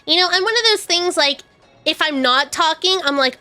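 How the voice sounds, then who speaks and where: Casting note: young woman streamer, high and bright, rambling and self-deprecating chat, soft music behind. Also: moderate pace. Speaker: VTuber streamer.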